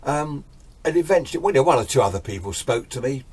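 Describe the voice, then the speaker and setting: A man's voice: mid-range voice, lively intonation, quick pace, darkish tone, slightly rough. An older man telling a ghost story in a rambling, chatty, self-deprecating way. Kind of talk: casual spoken ghost story.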